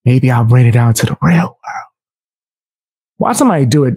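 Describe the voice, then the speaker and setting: A man's voice: mid-range voice, very animated, fairly quick, long pauses, warm tone, breathy edge, dry recording, studio quality. A man streaming live, reacting to clips with slangy, laid-back banter. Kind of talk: casual reaction stream chat.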